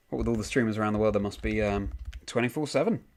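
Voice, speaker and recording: A man's voice: fairly low pitch, darkish tone. A young man streaming a game, casually reading out and answering chat messages with frequent ums. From United Kingdom.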